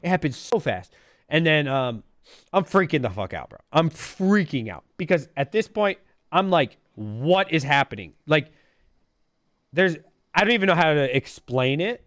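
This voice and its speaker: A man in his thirties tells a story in animated casual chat, his pitch a little high and leaping all over as he imitates beeps and quotes himself. He drops "bro" and "dude" constantly. The sound is dry and close. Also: normal speed, dry recording. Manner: says "bro" and "dude" a lot. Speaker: caller.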